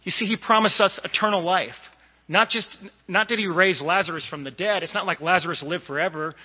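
A man from the Boston area preaches in a loose, conversational way, with fillers and asides. His voice sits high and carries a long echo through the church. The recording sounds dull and muffled. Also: brisk. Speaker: lay preacher. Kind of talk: sermon. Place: church sanctuary.

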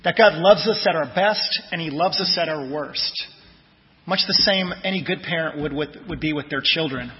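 A fairly high-voiced man preaching a sermon, his delivery conversational and his phrase endings fading quietly. The audio is dull and lo-fi, with a long church reverb behind him. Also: moderate pace. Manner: conversational, tells personal stories, trails off softly at phrase ends. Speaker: pastor.

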